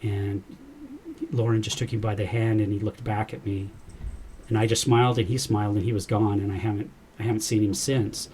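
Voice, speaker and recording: A man's voice: lowish voice, flat delivery, fairly quick, a little mellow, a little hiss or hum. A man, a podcast guest, earnestly recounting a personal experience and quoting the dialogue as he goes. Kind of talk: personal storytelling in a podcast interview.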